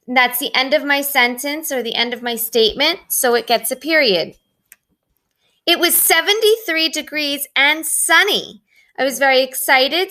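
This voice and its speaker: Woman, middle-aged, teacher, patient step-by-step explaining, bright voice, slightly high. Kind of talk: recorded remote writing lesson.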